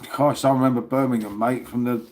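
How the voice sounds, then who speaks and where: A man's voice: medium pitch, fairly even intonation, a little fast, a little mellow. A man hosting a casual livestream from his phone, chatting and rambling and calling his viewers "mate". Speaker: livestream host.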